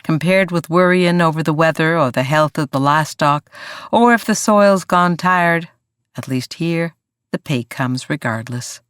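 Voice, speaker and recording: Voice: mid-range voice, unhurried, a bit bright, clean tone, dry recording, studio quality, lightly acted. A narrator voicing a wry grown male mountain laborer with a drawl and folksy talk.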